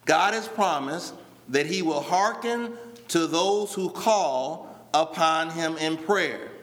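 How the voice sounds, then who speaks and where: High bright-voiced preaching man. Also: in a large hall. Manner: preaching with slow drawn-out emphasis; addresses a responding congregation. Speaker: pastor. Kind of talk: sermon. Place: church.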